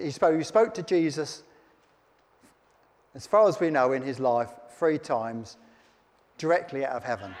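Male preacher, slightly high voice, long hall reverb. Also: a little mellow. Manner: reads scripture aloud then comments in plain chat. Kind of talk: sermon.

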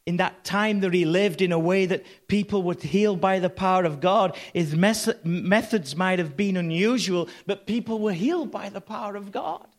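A man preaching a sermon, telling a story that builds to loud, excited bursts with laughter. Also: high-pitched, normal speed, few pauses.

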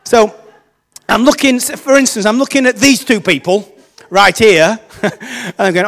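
A vicar with a high voice tells a personal story from the pulpit, animated and self-mocking. His voice rings through a space with a long hall reverb. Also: measured pace, long pauses. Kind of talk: storytelling sermon.

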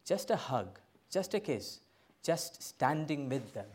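A middle-aged man, a pastor, preaching a sermon in a church, emphatic, swinging from loud bursts to quiet asides. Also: fairly high pitch, sing-song, slow pace, breathy edge. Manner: emphatic, rising to loud bursts then dropping soft.

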